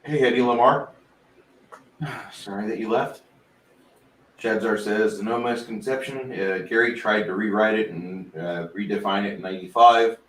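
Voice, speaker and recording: A man's voice: on the low side, moderate pace, a bit bright, echoey room, slight background noise, poor audio. A man hosting a casual tabletop gaming chat, reading out viewer comments in a laid-back, wry way. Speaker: podcast host.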